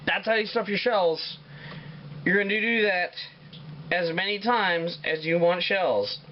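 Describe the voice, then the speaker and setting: A man's voice: sits high, measured pace, muffled recording, slight background noise. A man hosting a casual home cooking show, swearing and joking as he talks. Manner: profane, joking, rambling. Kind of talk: casual cooking demo with crude jokes. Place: home kitchen.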